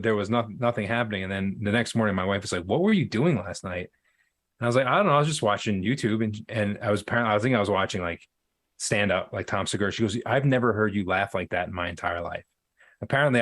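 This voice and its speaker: A man's voice: fairly low pitch, a bit bright. A man co-hosting a sports podcast, telling rambling stories full of fillers and restarts. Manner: rambling storyteller with many fillers. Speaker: podcast co-host. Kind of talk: casual sports chat.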